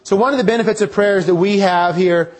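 A man's voice: sits high, fairly quick. A man preaching a sermon, earnest and full of repeated rhetorical questions.

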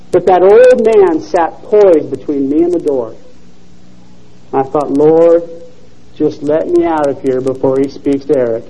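A male preacher delivers a sermon, reading a first-person story aloud with earnest expression. His voice sits high and mellow with a husky edge. His pitch rises and falls widely as he tells the story. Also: rough recording.

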